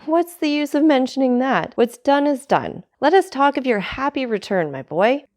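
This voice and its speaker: A woman's voice: sits high, very animated, moderate pace, voice pushed up. Caderousse, glib envious tailor read by a woman. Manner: glib, ingratiating, fawning. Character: envious male tailor neighbor, falsely friendly. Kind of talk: audiobook character reading.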